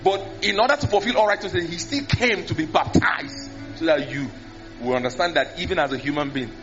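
High-voiced man preaching. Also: brisk, soft background music. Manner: animated, mimics tongues and prayers, repeats words. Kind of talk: sermon. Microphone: handheld mic. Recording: dull lo-fi sermon recording.

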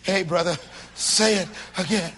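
A man preaching a sermon to a church congregation, emphatic, with loud bursts and low asides. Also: a little slow, a little hiss or hum.

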